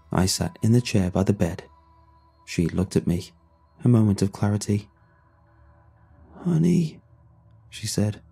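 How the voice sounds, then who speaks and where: A man narrating a first-person horror story in a hushed, tense and grief-laden way. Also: fairly low pitch, creaky, breathy edge. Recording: soft music underneath.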